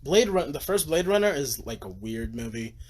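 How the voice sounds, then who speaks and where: A tired man rambling excitedly about his movie collection on a casual livestream, gushing and swearing, sometimes dropping to a whisper. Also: normal speed. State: tired from little sleep. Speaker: vlogger. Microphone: phone camera. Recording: faint background noise, low-quality phone livestream.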